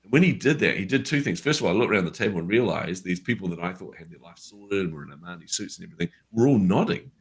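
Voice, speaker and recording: Deep-voiced New man telling a story. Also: rapid-fire, few pauses. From New Zealand. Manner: animated storyteller who acts out remembered dialogue. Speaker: guest. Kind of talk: casual storytelling conversation.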